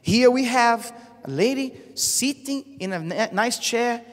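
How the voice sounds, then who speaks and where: Male preacher, high and highly animated, emphatic sermon with call-and-response, long theatre reverb. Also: takes it slowly. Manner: emphatic, with rhetorical questions and call-and-response "Amen?". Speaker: bishop preaching. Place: large theatre hall.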